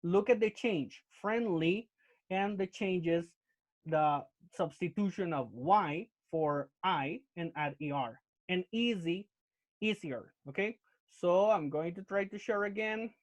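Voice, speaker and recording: A man with a high voice speaks slowly, teaching English grammar in an online class step by step and asking "okay?" after each point. He's using a computer mic on a video call, so the audio sounds muffled and lo-fi.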